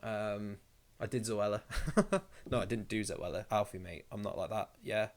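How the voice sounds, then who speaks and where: A man's voice: lowish voice, steady tone, moderate pace. A young man hosting a casual live stream. He reads viewer comments aloud and rambles through his replies with jokey asides.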